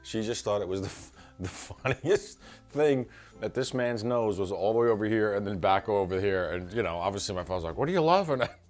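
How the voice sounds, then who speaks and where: Man, deep low voice, middle-aged, casual storytelling, lively quoted bits, faint music underneath. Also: brisk. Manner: animated storyteller who acts out quotes and laughs. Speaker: son telling a family story. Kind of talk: casual anecdote.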